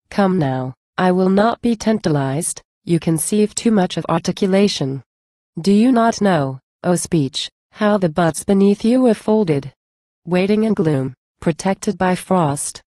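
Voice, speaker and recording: A woman giving a measured, declamatory poetry recitation. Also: on the low side, animated, warm tone, dry recording. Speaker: reader.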